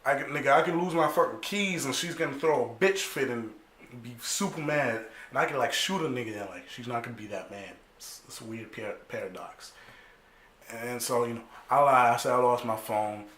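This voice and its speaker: A young man telling a story casually, animated and profane, full of slang, acting out other people's lines. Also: medium pitch, a little fast, slight background noise. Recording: echoey room.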